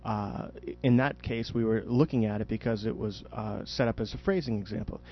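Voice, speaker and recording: A man's voice: fairly low pitch, normal speed, dull audio, slight background noise. A man teaching jazz improvisation in a podcast audio lesson, explaining patiently and demonstrating spoken question and answer inflections.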